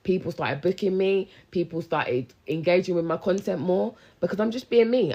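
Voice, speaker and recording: This young woman, a business coach, has a deep, slightly mellow voice that comes through with a lo-fi sound. She holds her phone for a live stream, chatting in a casual, animated way, using plenty of slang and speaking directly to viewers.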